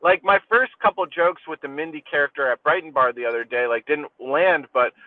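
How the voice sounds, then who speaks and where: Male comic on a tinny call line, animated crude riffing. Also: on the high side, a little fast, no echo, distant mic. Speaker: comedian. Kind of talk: casual podcast chat.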